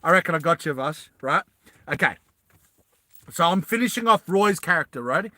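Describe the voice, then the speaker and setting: A man's voice: fairly high pitch, moderate pace, dry recording. A man animatedly telling a movie story to friends, often asking "right?". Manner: animated, laughing, repeats "right?". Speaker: storyteller pitching a movie plot.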